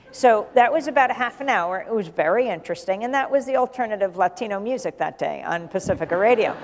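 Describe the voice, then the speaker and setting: A middle-aged woman journalist, a guest in an onstage conversation, telling a lively anecdote and acting out the dialogue. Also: medium pitch. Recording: long hall reverb.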